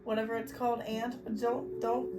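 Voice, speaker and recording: In her bedroom, a young book vlogger reads and offers casual commentary in an unhurried, medium-pitched voice. Her reactions are giggly and dramatic, and a distant mic picks up music underneath.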